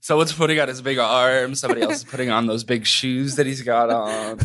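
A young man co-hosting a podcast in casual chat, joking in a dry, deadpan way into a headset mic. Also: mid-range voice, brisk, slight background noise. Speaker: podcast co-host. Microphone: headphones and webcam.

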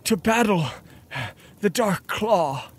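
A man's voice: animated, slow pace, breathy edge, heavily acted. A man voicing a frantic, breathless male cult member who worships the heroes, in a tabletop role-play. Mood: breathless, frightened. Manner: worshipful, panting, high-pitched.

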